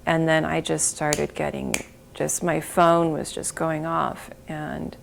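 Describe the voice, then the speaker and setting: A faint hiss underlies this interview with a middle-aged woman, a bereaved mother whose low, gravelly voice stays level in tone. Recounting painful events with emotion, she speaks slowly, stops mid-phrase and starts over, and at times falls to a whisper.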